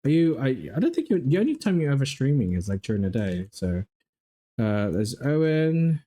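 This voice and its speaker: A man's voice: medium pitch, sing-song, normal speed, dark tone. A man hosting a casual livestream, telling exasperated, profane stories while reviewing game footage. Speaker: livestream host.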